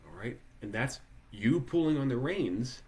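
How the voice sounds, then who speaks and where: In a live video-call workshop for musicians, the male leader speaks with a mid-range, darkish voice, animated yet at a measured pace. He talks conversationally, frequently restarting and asking participants questions.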